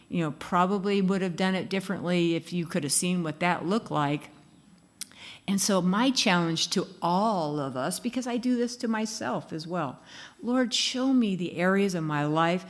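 A woman's voice: on the low side, normal speed. Chatty laughing woman preaching. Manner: chatty and laughing, acts out little quoted lines. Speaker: speaker giving a devotional talk. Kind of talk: sermon.

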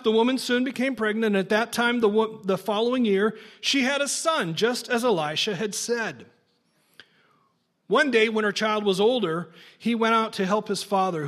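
A man's voice: high voice, lively intonation, moderate pace, fairly bright tone. A man preaching a sermon, reading a long scripture passage aloud with casual, joking asides. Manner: casual, jokey asides between dramatic reading. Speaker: pastor.

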